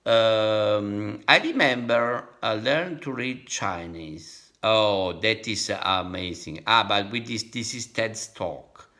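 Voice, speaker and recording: A man with an Italian accent talks very slowly, stopping and starting as he repeats sounds to himself. His pitch swoops up and down, and his voice has a bright, forceful edge. He sounds like a vlogger working through a lesson out loud. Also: animated. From Italy. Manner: halting, repeats syllables to drill tones. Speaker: language-learning vlogger. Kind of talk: thinking aloud while practicing.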